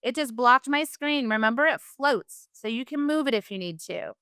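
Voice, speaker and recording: A woman's voice: fairly high pitch, lively intonation, moderate pace, sharp tone, smooth, dry recording, clean studio sound. A woman teacher, leading a virtual class in an upbeat, encouraging way and saying "y'all".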